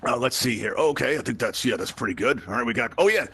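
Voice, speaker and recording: A man's voice: mid-range voice, expressive, quick pace, fairly bright tone, breathy edge. A man with a Brooklyn accent hosting a live virtual reality tutorial, chatty and upbeat, checking in with the audience with frequent "right?" asides as he demonstrates. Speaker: VR event host and instructor. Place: virtual reality event space.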